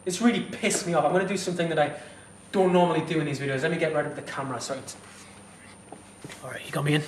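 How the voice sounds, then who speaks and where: A man's voice: on the high side, fairly even intonation, very fast, roomy sound, far from the mic, a little hiss or hum. A fitness instructor talking straight to camera, heated and blunt, swearing as he gives advice. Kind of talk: direct-to-camera advice vlog.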